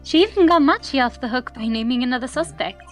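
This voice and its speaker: A woman's voice: sits high, lively intonation, fast, soft background music. A woman making teasing, sarcastic remarks in casual commentary over a game with friends. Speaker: let's play co-commentator.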